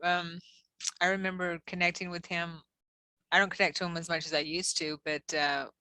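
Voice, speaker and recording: A woman co-host in a casual spiritual discussion, talking slowly and with easy amusement. Her voice is fairly low but bright. The sound is dry and close. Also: no room sound. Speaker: co-host and channeling teacher.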